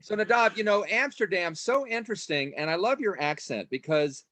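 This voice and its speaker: A man's voice: sits high, lively intonation, normal speed, hardly any pauses, a bit bright, dry recording. A man hosting an online comedy showcase, introducing the acts in an upbeat way on a video call. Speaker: comedy class teacher and showcase host.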